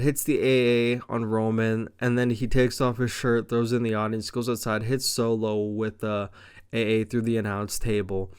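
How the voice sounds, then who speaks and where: A young man casually recapping a wrestling show, rambling, excited and profane. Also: medium pitch, smooth. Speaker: wrestling reviewer.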